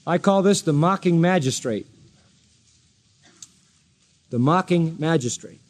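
A man with a high, bright-toned voice preaches a sermon. He acts out the people he quotes, swinging his pitch up and down for drama. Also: animated, a little slow. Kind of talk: expository sermon.

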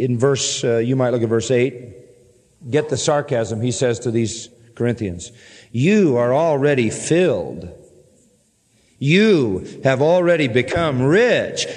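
A man's voice: a little high, darkish tone. A man preaching an earnest expository sermon, reading scripture aloud with pointed emphasis. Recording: long hall reverb.

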